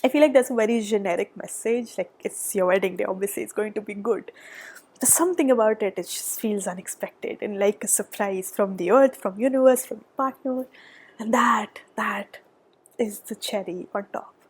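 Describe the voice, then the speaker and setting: A woman giving a tarot reading, gushing and excitable, often dropping to a soft whisper, a little out of breath. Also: medium pitch, moderate pace, breathy edge. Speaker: tarot reader. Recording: background noise.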